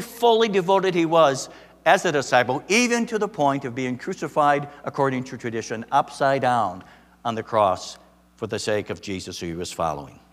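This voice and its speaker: A man preaching a sermon as a pastor, animated, with emphatic rising peaks and frequent restarts. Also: mid-range voice. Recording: long reverb of a large hall.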